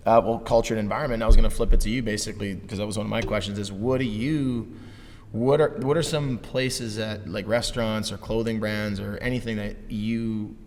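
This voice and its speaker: This male podcast co-host chats casually about business in a loose, motivational way, peppering his talk with "like" and "you know." His voice is fairly low, a little mellow, and slightly fast. The recording has long reverb and faint ambient noise.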